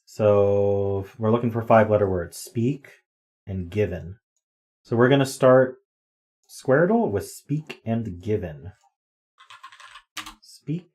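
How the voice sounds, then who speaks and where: A man's voice: lowish voice, expressive, slow pace, long pauses, a little mellow. A man streaming live, chatting casually as he works through word games and thinks aloud with ums and guesses. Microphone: desk microphone.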